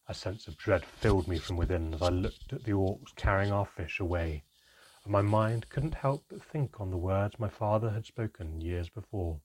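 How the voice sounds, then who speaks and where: A man narrating a first-person adventure story in a measured, reflective manner. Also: deep voice, a little mellow, a little hiss or hum.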